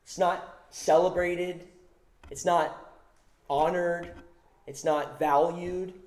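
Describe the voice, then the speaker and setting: A man's voice: sits high, steady tone, slow, a little mellow. Emphatic male preacher in an echoey room. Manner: emphatic, repeats phrases for stress. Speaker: pastor. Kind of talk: sermon.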